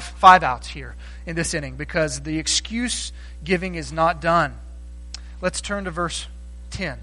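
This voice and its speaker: A man's voice: sits high, sharp tone, rough recording. A man preaching a sermon in a conversational way, acting out the voices he quotes. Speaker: pastor.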